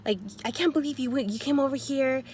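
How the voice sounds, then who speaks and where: A woman voicing a furious young woman in a parking lot who rants, curses and threatens in a shrill voice. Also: quick pace, a little mellow, slight background noise, natural voice. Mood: ranting.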